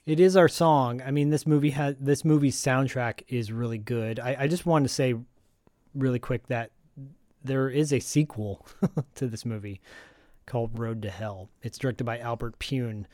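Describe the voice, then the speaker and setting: A man's voice: mid-range voice, fairly even intonation, moderate pace, darkish tone, no room sound. Chatty man on a dry mic. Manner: enthusiastic, chatty. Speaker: podcast co-host. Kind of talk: casual film chat.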